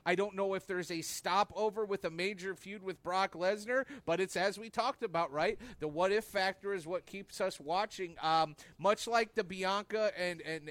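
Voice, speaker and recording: A man's voice: sits high, a bit bright, no room sound. A man hosting a casual wrestling talk show, emphatic and leaning on rhetorical questions. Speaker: podcast host.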